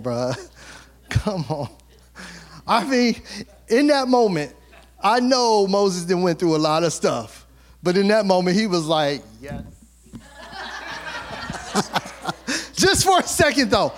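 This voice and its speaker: Lively high-voiced pastor preaching. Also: male voice, slow, long pauses. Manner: animated, acts out characters in colloquial asides; reads scripture aloud then comments with humor. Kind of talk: sermon.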